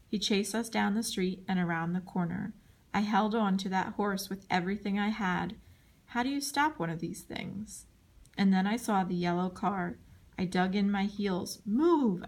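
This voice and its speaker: A woman reading a chapter book aloud, in scripted narration, giving the dialogue lively voices and jumping high for the shouts. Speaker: audiobook reader.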